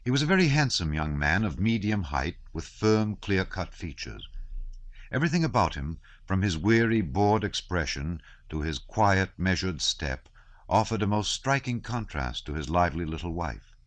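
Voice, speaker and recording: A man reading a classic novel aloud as an audiobook narrator, measured and expressive. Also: deep voice, no echo.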